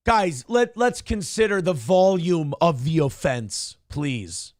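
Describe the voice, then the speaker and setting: A man's voice: fairly high pitch, expressive, slow pace, few pauses, darkish tone, dry recording, clean studio sound. A man hosting a morning show, ranting sarcastically and swearing heavily as he comments on a viral video.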